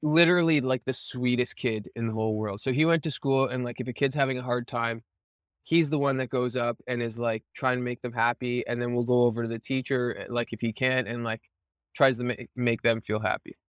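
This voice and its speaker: A man's voice: mid-range voice, fairly quick, smooth, no room sound, clean studio sound. Chatty man telling family stories. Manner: storytelling, animated, swears freely. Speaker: podcast host. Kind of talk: casual chat.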